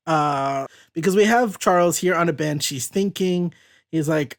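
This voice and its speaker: A man's voice: fairly high pitch, measured pace. A man hosting a casual comic book discussion show, chatty and upbeat. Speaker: podcast host.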